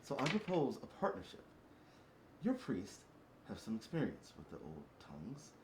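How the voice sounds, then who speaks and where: A man voicing a male master assassin who reads out a formal letter in a put-on accent, muffled by a mask, with a stiff, halting delivery. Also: on the low side, huge pitch swings, noisy background. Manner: stiff, formal reading with stumbles. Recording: roomy echo.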